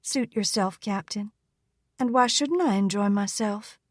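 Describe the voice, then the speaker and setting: A woman's voice: medium pitch, unhurried, no room sound, clean studio sound, close to an everyday voice. A woman voicing a poised young Southern woman who teases in an easy, silky drawl. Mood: teasing. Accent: American Southern.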